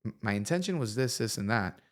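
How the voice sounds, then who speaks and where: A man's voice: fairly low pitch, fast talker. A man, a therapist guest, giving advice in a casual conversation and explaining ideas step by step in an encouraging way. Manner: explains in steps, animated and encouraging.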